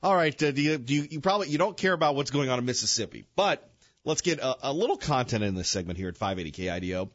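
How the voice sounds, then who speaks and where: With lively intonation and a fast pace, an older man's mid-range voice carries his casual radio show chat, full of jokes, rambling asides, and self-interruptions. Recorded on a studio microphone, the audio has no room sound and is dull.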